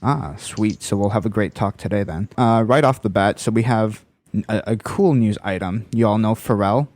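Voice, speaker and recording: Canadian male podcast host, low-pitched and easygoing, dry close recording. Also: normal speed, a little mellow, no echo. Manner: easygoing, leads the talk. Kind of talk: casual chat.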